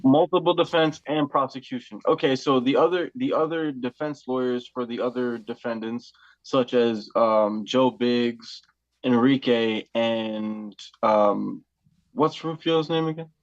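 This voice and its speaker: A man's voice: mid-range voice, measured pace, dry recording, highs cut off. A male host in a casual interview, asking probing follow-up questions.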